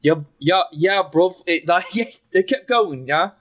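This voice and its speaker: A man's voice: high voice, lively intonation, measured pace, fairly bright tone. A man playing a dazed, glitching young man who stammers and piles on slang. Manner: stammering, slangy, repeating himself.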